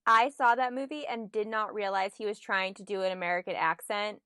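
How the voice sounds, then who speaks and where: Fast-talking woman podcast co-host. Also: mid-range voice, steady tone, bright, forceful tone, clear, resonant tone, no room sound, clean studio sound. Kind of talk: casual chat.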